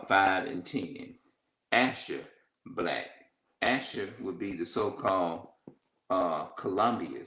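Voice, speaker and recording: A man giving informal religious teaching, halting and repeating himself as he reads from notes. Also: low-pitched, roomy sound, poor audio.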